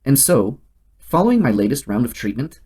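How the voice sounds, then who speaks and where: A man hosting a scripted satirical monologue and delivering it in a deadpan, mock-serious way. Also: medium pitch, normal speed, breathy edge. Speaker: host.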